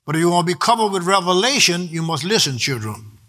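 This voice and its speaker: A man's voice: sits high, sing-song, fast, sharp tone. A man preaching a sermon, in a rhythmic delivery that drifts into half-singing and draws out key words. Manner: rhythmic preaching, sometimes half-sung, stretched words for emphasis.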